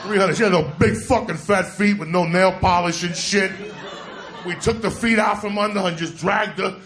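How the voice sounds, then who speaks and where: A man doing stand-up storytelling from New Jersey, profane and animated, with loud bursts of shouting. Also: high-pitched, normal speed, echoey room, slight background noise. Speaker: stand-up comedian. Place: comedy club stage with a laughing audience. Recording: live stage recording with crowd.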